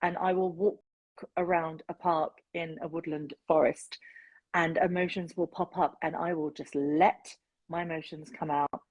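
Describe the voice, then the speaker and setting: A woman hosting an interview, talking in an earnest, open and reflective way with many pauses and ums. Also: deep voice, little pitch movement, darkish tone, breathy edge, dry recording, muffled recording. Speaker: host. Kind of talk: casual interview chat.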